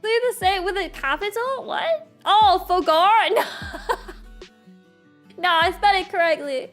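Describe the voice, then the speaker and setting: A young woman streaming, chatting casually while she draws. She talks softly, trails off quietly and giggles often between her remarks. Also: very high-pitched, animated, slow pace, pauses often. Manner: soft-spoken, trails off quietly. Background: faint background music.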